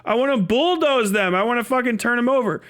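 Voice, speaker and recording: A man streaming live, ranting casually in an animated, emphatic and profane way. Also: extremely high pitch, fast. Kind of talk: casual livestream rant.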